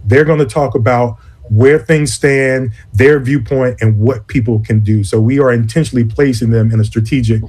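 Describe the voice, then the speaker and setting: A man who directs an advocacy conference, talking in an interview in a deliberate, earnest way and often restarting his phrases. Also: medium pitch, fairly even intonation, darkish tone, breathy edge. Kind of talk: interview conversation.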